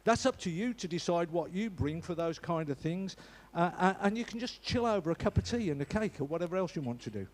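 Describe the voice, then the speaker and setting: This man talks fairly fast with hardly any pauses, his high voice expressive, while giving a casual church notice. He jokes and chats, often stumbling and restarting what he's saying.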